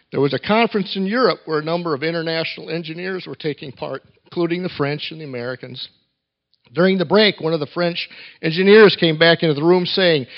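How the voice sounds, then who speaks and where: A man preaching a sermon, telling stories with dramatic pauses and reading scripture with rising emphasis. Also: fairly high pitch. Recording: dull lo-fi sermon recording.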